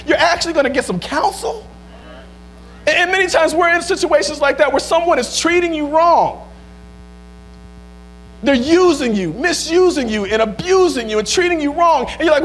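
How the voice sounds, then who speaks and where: A male pastor preaching a sermon, asking the same questions again and again, stumbling over restarts and rising to shouts. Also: very high-pitched, lively intonation, normal speed, faint music behind.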